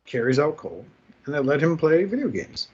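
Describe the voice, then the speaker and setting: A man's voice: fairly high pitch, moderate pace, slightly rough. A man from Jersey City hosting a podcast, telling a long profane story and acting out the quoted lines in it. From Jersey City, USA. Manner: profane, animated, acts out quoted dialogue. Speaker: podcast host. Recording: slightly muffled podcast audio.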